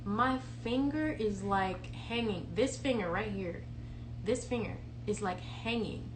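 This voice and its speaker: A young woman in her twenties chatting on a livestream, telling a childhood story in an animated, playful way. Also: medium pitch, measured pace. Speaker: livestream co-host. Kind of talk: casual chat, storytelling. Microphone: phone livestream. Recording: echoey room with clear background hum.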